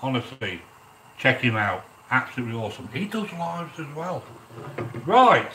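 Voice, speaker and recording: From a little way off in an echoey home kitchen, a middle-aged cooking host chats to his live-stream viewers and gives shout-outs while cooking, with frying sizzling softly. His bright, lively, swooping voice is mid-range at a moderate pace. The mic is far away, and there's a little hiss or hum.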